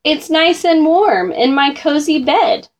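A woman's voice: sits high, lively intonation, takes it slowly, pitched above the performer's own voice. A woman voicing a sleepy, stubborn male groundhog in a storybook, lazy and cozy in manner.

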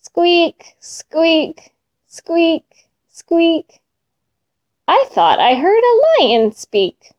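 A woman voicing a tiny, timid mouse who squeaks and speaks in rhyme in a storybook reading. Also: very animated, extremely slow, pauses often, darkish tone, heavily acted. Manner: squeaky, rhyming.

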